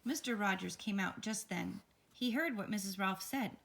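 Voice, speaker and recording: Gravelly, bright-voiced woman reading a storybook. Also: medium pitch, normal speed. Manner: expressive, lively character voices. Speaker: read-aloud storyteller. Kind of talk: children's picture book read-aloud.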